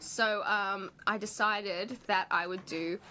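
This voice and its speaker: A woman's voice: medium pitch, steady tone, takes it slowly, sharp tone, slight background noise. A woman actress chatting casually on a livestream, reading out viewer questions and answering them in a playful, laughing way. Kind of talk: live Q&A reading viewer comments.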